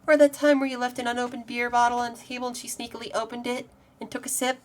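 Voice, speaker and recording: A woman streamer reading a visual novel aloud, voicing a fond, teasing grown woman who reminisces in a brighter, higher, amused tone. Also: little pitch movement, fast, slight background noise, close to an everyday voice.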